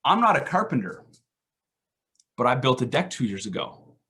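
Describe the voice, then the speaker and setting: A man's voice: mid-range voice, sing-song, normal speed, pushed and bright, slightly rough. A man giving a casual, self-deprecating faith reflection at an online recovery meeting, full of rhetorical questions.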